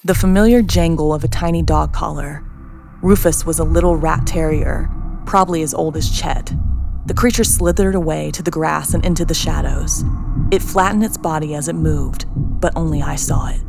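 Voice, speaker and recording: A woman narrating a scripted horror story in a hushed, slow, suspenseful way. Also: low voice, creaky. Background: music.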